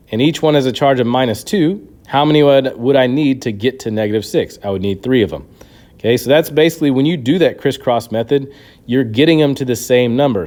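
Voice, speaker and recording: Male chem teacher walking through a review, patient, keeps saying okay, mid-pitched voice. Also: a little mellow. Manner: patient step-by-step explaining, frequent "okay". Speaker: chemistry teacher. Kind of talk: recorded classroom review lesson.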